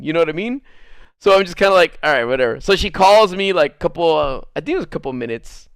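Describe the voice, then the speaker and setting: A man with a fairly high, smooth and clear voice tells a rambling story to his stream audience. He is animated, laughs often and swears freely. The sound is dry and close, with no room echo. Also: fast. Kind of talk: casual storytelling on a livestream.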